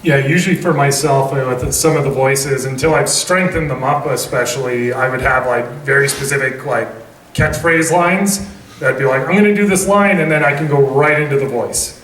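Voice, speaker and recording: A man's voice: mid-range voice, steady tone, normal speed, fairly bright tone. Rambling man panelist, distant and echoey. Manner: rambling, casual, lots of fillers like "kind of thing". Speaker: voice actor panelist. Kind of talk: convention panel Q&A. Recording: echoey hall, distant mic, faint noise.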